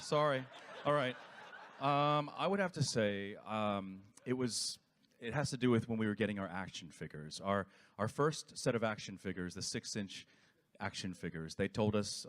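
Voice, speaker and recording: A man's voice: fairly low pitch, unhurried, long pauses. Guy on a panel telling a goofy story about himself, gets all worked up. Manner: animated, self-mocking storyteller. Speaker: cast member at a reunion panel.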